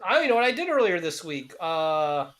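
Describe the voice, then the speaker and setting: A man's voice: on the high side, big pitch swings, fast, fairly bright tone. A young man co-hosting a podcast, talking in a cynical, heavily profane, rambling way. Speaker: podcast co-host. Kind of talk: casual chat.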